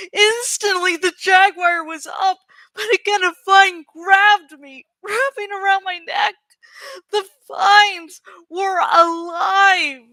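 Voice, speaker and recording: High-voiced woman reading dramatically. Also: bright, forceful tone, no room sound, rough recording. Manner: dramatic, emphatic narration. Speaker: audiobook reader. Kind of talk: reading a novel aloud.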